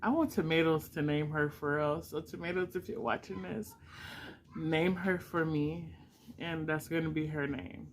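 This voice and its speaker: A woman's voice: sits low, moderate pace, slight background noise, rough recording. A middle-aged woman vlogging an unboxing at home, gushing and emotional with frequent exclamations. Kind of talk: casual unboxing vlog.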